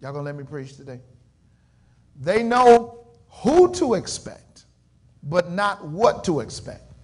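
High-pitched preacher, slow and dramatic. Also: male voice, big pitch swings, husky. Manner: call-and-response preaching, swells loud and drops to a near murmur. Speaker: pastor. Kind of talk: sermon.

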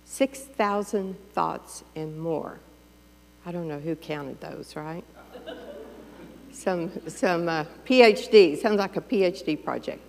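Slow-speaking woman preacher in a hall. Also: fairly low pitch, vocal fry, darkish tone, slight background noise. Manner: conversational, playful, acts out inner voices. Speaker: pastor. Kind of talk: sermon. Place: church sanctuary.

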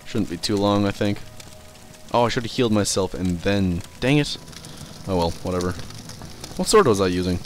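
A young man casually commentating his own gameplay, rambling, swearing and reacting loudly to what happens in the game. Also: fairly low pitch, expressive, moderate pace, faint music behind. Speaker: let's play host.

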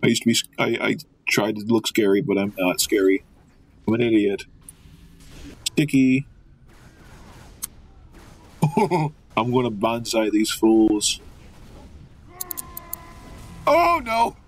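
A young man giving goofy, excitable commentary while playing a video game, joking and trash-talking the enemies. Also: on the low side, slow pace, long pauses, husky. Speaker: gamer. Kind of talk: let's play commentary.

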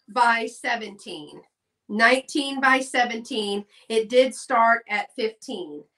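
A woman's voice: fairly high pitch, pushed and bright, recorded from a distance. A woman, hosting a live sale in a chatty, folksy way and talking to viewers in the chat. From Texas. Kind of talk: casual live-stream selling chat.

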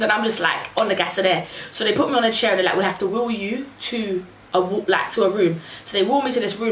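A young woman telling a personal story to camera in a casual, animated way, acting out what people said. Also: medium pitch. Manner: animated, acts out quotes in raised voices. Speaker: vlogger. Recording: echoey room, faint noise.

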